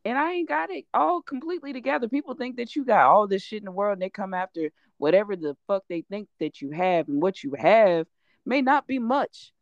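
A woman's voice: medium pitch, fairly quick, no room sound, lo-fi sound. A woman content creator speaking indignantly and emphatically in a casual chat, with frequent swearing.

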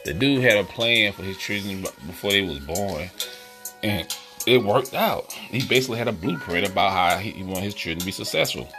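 A man with a very low voice hosts a podcast, reviewing a film in a relaxed, slangy way and addressing his listeners directly. Music plays clearly behind him. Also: moderate pace. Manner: laid-back, slangy, talks to listeners as y'all. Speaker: podcast host. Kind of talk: casual movie review chat.

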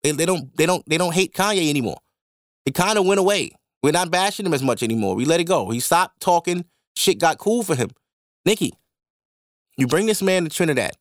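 Animated ranting man, high voice. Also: a little fast, no room sound, clean studio sound. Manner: animated, profane ranting with swings into loud mock outbursts. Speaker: podcast host. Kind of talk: casual monologue.

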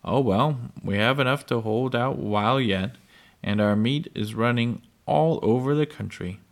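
A man reading as steady pioneer father. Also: medium pitch, natural voice. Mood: reassuring. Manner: steady, measured, plainly read. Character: pioneer father, calm, firm, caring.

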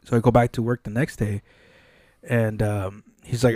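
A man with a mellow, warm voice tells a long story in a relaxed podcast chat. He swears freely and acts out what other people said. The sound is dry and close. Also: on the low side, normal speed, dry recording. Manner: animated, swears often, acts out quoted dialogue. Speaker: podcast co-host. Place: podcast studio.

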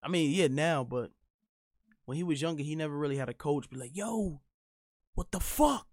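A man's voice: fairly high pitch, fairly quick, dry recording, studio quality. A man co-hosting a podcast, talking sports in a casual, slangy, opinionated way. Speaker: podcast co-host.

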